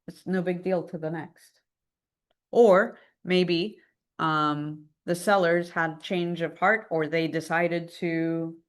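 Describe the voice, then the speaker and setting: Teaching a live class, this real estate trainer speaks in a fairly low voice and keeps things relaxed and chatty. Throughout, she sounds lively and conversational, briefly role-playing phone calls as she goes.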